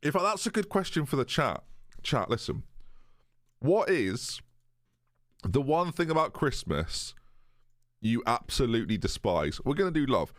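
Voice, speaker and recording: A young man chatting away to his stream viewers. His pitch swings up and down a lot as he jokes and riffs. The sound is dry and close, with no room echo. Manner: chatty, jokey, reads chat aloud. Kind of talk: casual live-stream chat with viewers.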